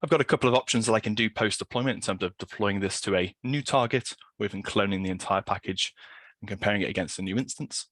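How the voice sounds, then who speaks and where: A man giving a brisk, practiced live software demo over a video call. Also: lowish voice, dry recording. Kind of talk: fast live product demo.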